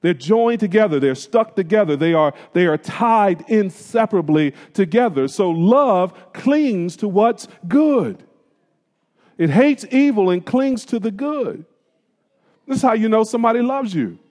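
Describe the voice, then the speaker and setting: High voiced pastor man preaching, folksy, asks the crowd stuff, big church reverb. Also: expressive, measured pace, a little mellow. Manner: preaching with call-and-response questions and colloquial phrasing. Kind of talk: sermon. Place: church sanctuary. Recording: long reverb of a church hall.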